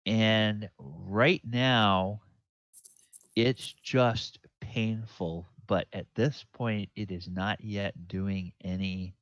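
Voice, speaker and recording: Man, dungeon master, very unhurried, ums and restarts, dull lo-fi dry recording. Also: on the low side, steady tone, a bit bright, dry recording. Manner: halting, full of ums and restarts. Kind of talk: narrating a tabletop game.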